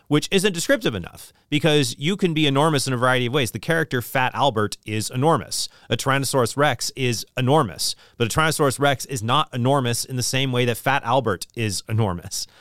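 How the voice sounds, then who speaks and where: Smooth-voiced man rambling about books. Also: medium pitch, fairly quick, a bit bright, dry recording, studio quality. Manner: rambling, opinionated, many restarts. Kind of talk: casual chat about books.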